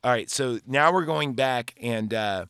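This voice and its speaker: A male podcast host giving a rambling, profane, animated casual recap of a movie. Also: medium pitch, measured pace, clean tone, no room sound, studio quality.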